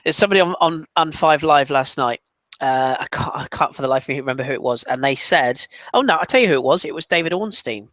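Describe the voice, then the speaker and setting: A man chatting on a football podcast, his voice sitting a touch high and sounding dry and close. He argues with animated emphasis, stumbling into restarts as he builds his point. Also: quick pace, no room sound. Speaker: podcast panelist. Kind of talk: casual football chat.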